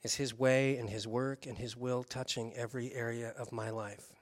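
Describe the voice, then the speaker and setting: Speaking at a moderate pace and medium pitch, a pastor tells a personal story in his sermon. His delivery is animated, with chuckles throughout.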